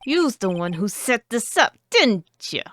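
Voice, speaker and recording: A woman voicing a gruff, thuggish male loan shark who talks through a clenched mouth in a tough-guy street accent. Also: fairly high pitch, big pitch swings, measured pace, a bit bright, a little hiss or hum. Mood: blustering.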